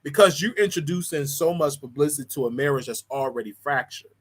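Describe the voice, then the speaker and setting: A man from Chicago hosting a show, giving animated, opinionated commentary on celebrity gossip and often repeating and restarting his words. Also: on the high side, quick pace, husky. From Chicago, United States. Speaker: show host.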